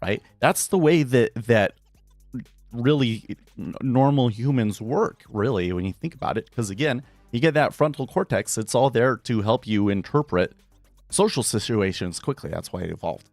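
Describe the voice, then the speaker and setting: A man's voice: mid-range voice, lively intonation, normal speed, a little mellow, no room sound, faint music behind. A man talking casually on a live trading stream, thinking aloud with frequent restarts and tangents.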